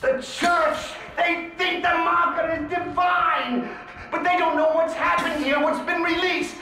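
A man's voice: very high-pitched, steady tone, measured pace, pushed and bright, full character voice. An actor playing a remorseful male scientist in a sci-fi horror game, talking in an urgent, confessional way. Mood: agitated. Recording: echoey game audio.

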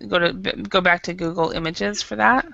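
Woman, English teacher, bright gravelly voice, dry muffled video-call sound. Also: on the low side, fairly even intonation, no echo. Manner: patient, explains slowly with many fillers. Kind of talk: online English lesson. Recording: dull lo-fi video call audio.

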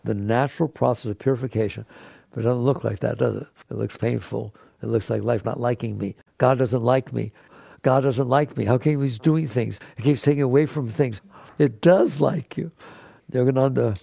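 A man's voice: medium pitch, creaky, dark tone, husky, no room sound, clean studio sound. A man giving a spiritual talk to an audience as a teacher, speaking in an emphatic, conversational way that repeats key phrases.

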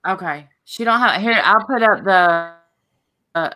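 A woman's voice: mid-range voice, measured pace, sharp tone. A woman hosting a casual livestream chat over a video call, talking in a drawling, rambling way. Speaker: host.

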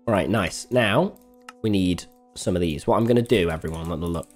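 A young man chatting to his live-stream audience while playing, excitable and swearing freely. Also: low voice, a little fast, faint music behind. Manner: excitable, swears freely, jumps between game and chat. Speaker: game streamer.

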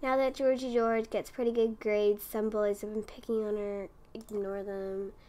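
A woman's voice: medium pitch, level tone, normal speed, dark tone. A young woman giving casual gameplay commentary, often exasperated and talking to the characters on her screen. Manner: exasperated, talks to the game characters. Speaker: gaming video creator.

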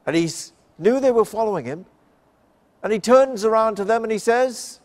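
A man from Canada giving an expository Bible talk, slow and emphatic, rising and falling for effect. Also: high voice, lively intonation, darkish tone. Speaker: Bible class speaker.

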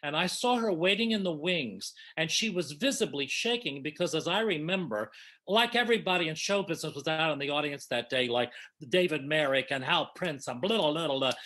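A man in his seventies, an original cast member at a reunion, reminisces with old castmates on a video panel. His voice sits on the high side, animated, brisk and bright with a forceful tone, and his affectionate, emotional stories come with restarts.

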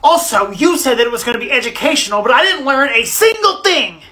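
A woman's voice: fairly high pitch, lively intonation, moderate pace, bright, forceful tone. A woman voicing a fussy nerdy schoolboy in a cartoon story, prim and eager for anything educational. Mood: indignant. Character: whiny nerdy schoolboy who loves learning.

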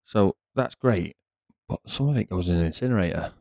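A man's voice: low-pitched, animated, a little fast, creaky, a little mellow, dry recording, clean studio sound. A man who runs a car repair garage, explaining things earnestly at length as a podcast guest. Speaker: car mechanic and garage owner. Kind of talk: casual chat.

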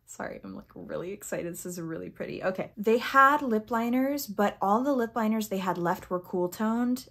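A young woman reviewing makeup on camera, chatty and easily excited, sometimes reading product text aloud and tripping over words. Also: fairly low pitch. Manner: chatty and excitable, gasping at swatches. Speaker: beauty vlogger. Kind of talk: casual first-impressions makeup review.

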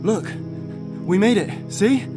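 Frantic young man, high, swooping voice, urgent, loud game score behind. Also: lively intonation, slow pace, over music. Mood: reassuring. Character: panicked young man trying to save his friend. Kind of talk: video game voice acting.

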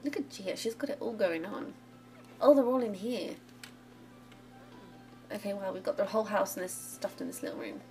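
A gaming channel host with a mellow, mid-range voice comments casually on a life-simulation game as a let's play, cheering for the characters in a chatty, giggly way. She sounds animated, speaks at a moderate pace, and leaves long pauses. Game music plays in the background.

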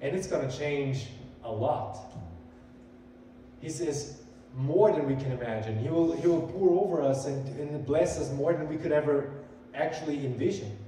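A male pastor with a warm voice on the high side preaches at normal speed, earnest and conversational, his emphasis rising as he quotes scripture. The church sanctuary recording sounds echoey and far away, with slight background noise.

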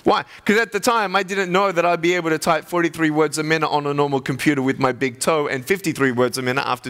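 A man in his thirties giving a humorous chapel talk as an evangelist, telling stories with lively swings in pitch. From Australia. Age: 30s. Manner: animated storyteller with jokes and wide pitch swings. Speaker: evangelist speaker. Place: chapel audience hall.

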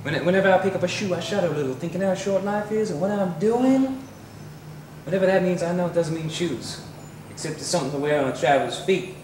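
An actor playing a restless young son who talks with moody, defiant intensity, in a stage play. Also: male voice, sits high, quick pace, a little mellow, close to an everyday voice. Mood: brooding. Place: theater stage. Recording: roomy stage audio from far off with hiss.

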